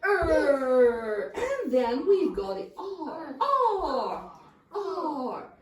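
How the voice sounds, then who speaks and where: A woman's voice: high voice, very slow, distant mic. Sing-song woman teaching toddlers. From Philippines. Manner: sing-song, animated, sound effects and chants. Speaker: English teacher. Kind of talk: phonics action songs for toddlers. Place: classroom. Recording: echoey room, voice from afar, music behind.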